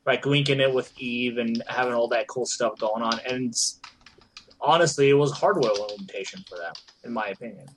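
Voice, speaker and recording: A man's voice: medium pitch, normal speed, a little hiss or hum. A man on a podcast panel in casual chat, opinionated and stumbling over his opening words. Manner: opinionated, repeats words when starting.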